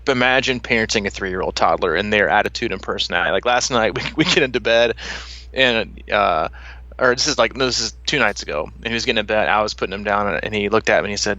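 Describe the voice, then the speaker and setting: A man's voice: fairly low pitch, fast talker, pushed and bright, no echo, highs cut off. A man in his thirties hosting a podcast, chatting casually with lots of fillers and laughter. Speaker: podcast host. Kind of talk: casual chat.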